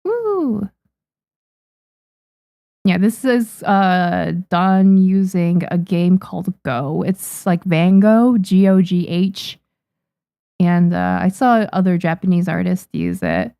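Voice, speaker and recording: Woman, young adult, mellow warm voice, dry close mic, casual livestream chat, thanks viewers, lots of ums. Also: fairly low pitch, expressive, slow pace, creaky, clear, resonant tone, no echo. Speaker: manga artist streaming to chat. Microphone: desk microphone.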